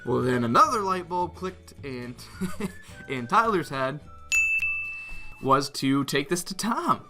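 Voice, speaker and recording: A man's voice: on the high side, slow pace, music in the background. A young man casually telling a prank story as a vlogger, laughing often and acting out what others said. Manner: animated, laughs often, reenacts others' lines.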